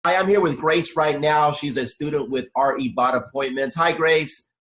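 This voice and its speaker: A man's voice: a little high, moderate pace, fairly bright tone. Man asking leading questions. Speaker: interviewer and coach. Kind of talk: sales testimonial interview.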